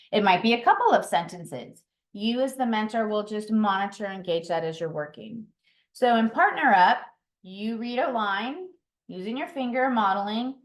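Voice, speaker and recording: A woman leading a training session for reading mentors, explaining routines patiently with occasional ums and self-corrections. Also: medium pitch. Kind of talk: instructional training talk. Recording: roomy echo.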